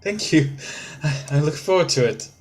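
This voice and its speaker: A man's voice: a little high, animated, a little mellow, lightly acted. A man voicing a sweet, dreamy young woman who is soon to be queen, who talks in a gushing, hesitant way. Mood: hopeful. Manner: gushing, hesitant, with many halting restarts.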